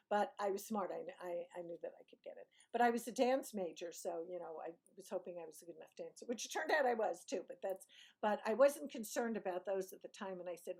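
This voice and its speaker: A woman's voice: mid-range voice, fairly quick, darkish tone. Woman from Brooklyn, YouTuber, casual storytelling, rambling, self-correcting, laughs a lot. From Brooklyn, New York. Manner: chatty, digressive, self-correcting, laughs often.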